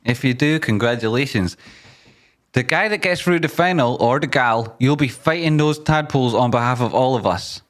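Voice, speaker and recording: A man's voice: medium pitch, normal speed, a bit bright. A man hosting a casual live stream, joking and teasing as he reads viewer comments aloud and hypes up a guess-the-tune game.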